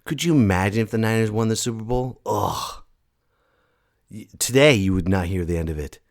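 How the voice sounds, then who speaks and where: A man in his thirties hosting a casual solo podcast, excitable and joking, restarting his sentences and jumping to loud high shouts when he mimics others. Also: moderate pace. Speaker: podcast host.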